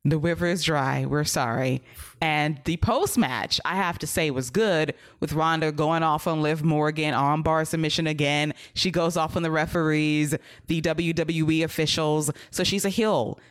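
A woman's voice: low-pitched, fairly even intonation, moderate pace. A woman co-hosting a podcast, giving blunt, direct critique in casual review chat. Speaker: podcast co-host.

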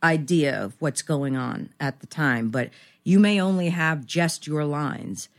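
A woman's voice: low voice, a little slow. A woman in her fifties, a guest actress in a casual podcast interview, rambling and self-deprecating with many restarts.

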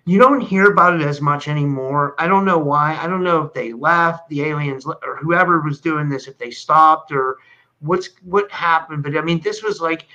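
A man's voice: fairly high pitch, moderate pace, sharp tone. A man hosting an interview who rambles, stammers and asks eager questions. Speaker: podcast host. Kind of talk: conversational interview. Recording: dull, lo-fi audio.

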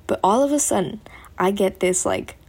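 Chatty young woman with a husky voice. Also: medium pitch, very animated, moderate pace, a little mellow. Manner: rambling, chatty, laughs often. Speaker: vlogger. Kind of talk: casual chat to camera. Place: bedroom at home.

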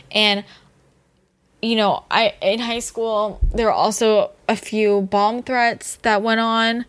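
A young woman with a medium-pitched voice hosts a podcast, delivering an earnest, meandering personal monologue. She swears freely and gets worked up, and there's no room sound.

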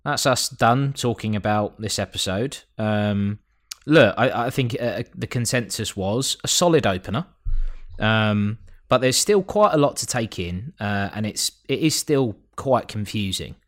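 A man's voice: fairly low pitch, lively intonation, unhurried. A man co-hosting a podcast, rambling and joking as he recaps a show, swearing freely. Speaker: podcast co-host. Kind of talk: casual chat.

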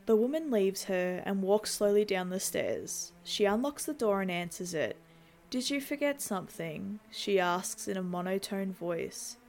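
A woman telling a movie recap in a steady, conversational voice. Her narration is straightforward, with dry, wry asides now and then. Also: mid-range voice, a little slow, hardly any pauses, slight background noise.

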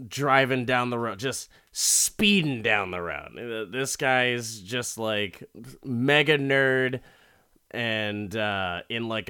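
A young man casually recapping a TV episode, rambling and profane, jumping into quick character impressions. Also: medium pitch, bright, forceful tone, clean tone.

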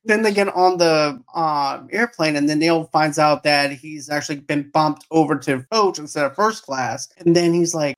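A man's voice: a little high, normal speed, hardly any pauses. A man co-hosting a casual movie review chat, animatedly retelling scenes and acting out the characters' lines. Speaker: podcast co-host.

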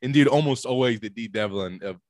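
A man's voice: medium pitch, a little fast, no echo, studio quality. A young man co-hosting a podcast in casual chat, rambling in a laid-back way and swearing. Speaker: podcast co-host.

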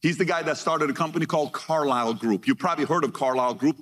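A man giving a motivational keynote to a live audience, energetic and punchy, reading figures out in short bursts and firing questions at the crowd. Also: on the high side, fast talker. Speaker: keynote speaker.

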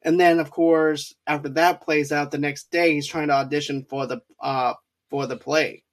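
A man's voice: a little high, steady tone, normal speed. A man co-hosting a movie review podcast, retelling scenes at length with chuckles. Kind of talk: casual chat.

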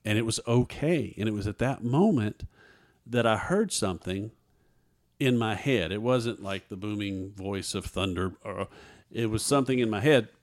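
A man's voice: fairly low pitch, normal speed. Earnest man telling his story. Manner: earnest storyteller who acts out others' dialogue. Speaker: guest.

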